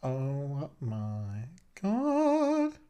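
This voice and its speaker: A man's voice: medium pitch, huge pitch swings, very slow, dark tone, clear, resonant tone. A man hosting a podcast, giving casual, chatty commentary on a TV episode and laughing often. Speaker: podcast host.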